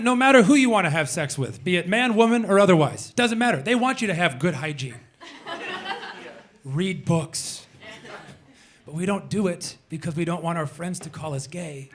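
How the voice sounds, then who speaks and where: A man doing stand-up comedy on a club stage in an animated, punchy delivery. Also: high voice, moderate pace. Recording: live club recording, audience noise.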